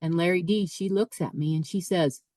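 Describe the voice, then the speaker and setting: Low-voiced woman telling a story. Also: moderate pace, no echo, poor audio. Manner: animated, repeats words and restarts. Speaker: podcast guest, author and speaker. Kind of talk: casual storytelling.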